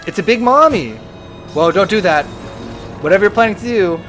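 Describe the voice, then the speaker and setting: A young man streaming a video game, chatting casually and reading viewer messages aloud in an animated way. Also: high-pitched, brisk, faint music behind. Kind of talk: casual live-stream chat.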